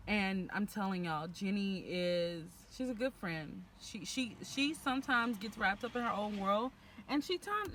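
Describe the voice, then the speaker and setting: A woman's voice: medium pitch, a bit bright, a little hiss or hum. A young woman from Texas with a Houston accent, chatting casually and animatedly to camera about her friends, full of slang. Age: young adult. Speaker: vlogger.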